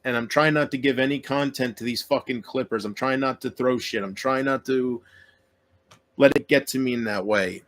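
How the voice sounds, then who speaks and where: A man's voice: mid-range voice, normal speed, fairly bright tone. A man YouTuber in an emotional solo rant to his viewers, aggrieved and self-pitying, swearing often and trailing off mid-sentence.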